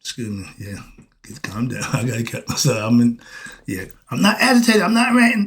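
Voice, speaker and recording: A middle-aged man giving a preachy solo monologue, answering his own questions and breaking into shouts. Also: a little high, very animated, fairly quick. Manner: coughs and clears throat. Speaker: street philosophy commentator.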